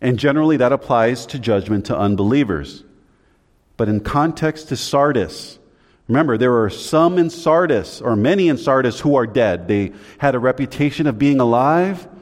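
A man preaching a sermon on scripture, asking and answering his own questions, rising for emphasis and dropping low at the ends of phrases. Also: animated, normal speed. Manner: rises in pitch and volume for emphasis, drops low at phrase ends. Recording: long hall reverb.

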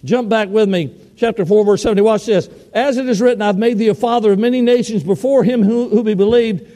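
A high-voiced man preaches in a large hall, and his words ring with a long reverb. He tells a story in an animated way, playing the people in it. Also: fairly quick. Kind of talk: sermon storytelling.

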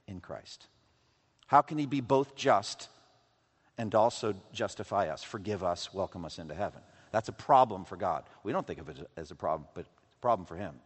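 A man's voice: animated, moderate pace. Man preaching in a reverberant hall. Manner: dramatic swings from loud intensity to hushed lows. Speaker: pastor. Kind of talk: sermon.

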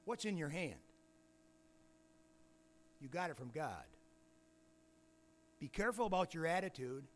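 A man preaching a sermon, firing rhetorical questions and building to emphatic shouts. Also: fairly high pitch, sing-song, a little slow, long pauses, a little hiss or hum.

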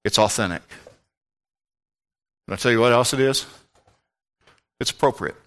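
A man's voice: mid-range voice, moderate pace, smooth. Fervent preacher man. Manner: fervent, swings from shouts to hushed tones. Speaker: pastor. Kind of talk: sermon.

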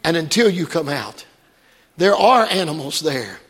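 A man preaching a sermon from the pulpit, moving between quiet storytelling and shouted, fervent peaks. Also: a little high, sing-song, measured pace, slightly rough, long reverb tail. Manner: preaching that swings from hushed storytelling to shouted climaxes. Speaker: pastor. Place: church sanctuary.

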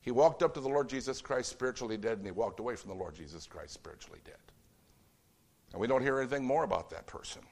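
Man, preacher, conversational sermon, acts out voices, mid-pitched. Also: animated, fast talker, gravelly, darkish tone. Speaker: pastor.

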